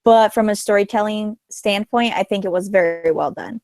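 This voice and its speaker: A woman giving a measured, reasoned opinion in a casual podcast film discussion. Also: mid-range voice, darkish tone, no echo, studio quality. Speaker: podcast panelist.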